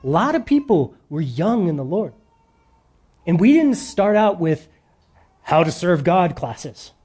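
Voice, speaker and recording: Animated male pastor with a mellow voice. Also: high-pitched, measured pace, husky. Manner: animated, drops to soft emphasis at phrase ends. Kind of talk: sermon.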